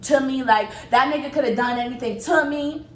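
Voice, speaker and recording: A belligerent young woman yells shrilly and high, as a woman mimics her. The voice jumps well above the speaker's own, and the room adds a roomy echo. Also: a little fast, lightly acted. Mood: whiny. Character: furious young woman friend, yelling. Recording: roomy echo, faint noise.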